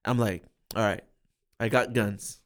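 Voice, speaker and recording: A man's voice: lowish voice, steady tone, measured pace, a bit bright. A man guest on a podcast telling a story casually, rambling with lots of fillers and swearing. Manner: rambling, heavy "like" fillers, profane.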